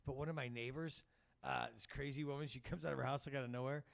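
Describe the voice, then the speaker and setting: A man's voice: medium pitch, steady tone, fast talker, gravelly. A man doing a stand-up set, telling rambling stories and acting out voices and sung bits. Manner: rambling storytelling, acts out voices and sings bits. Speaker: stand-up comedian. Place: comedy club stage.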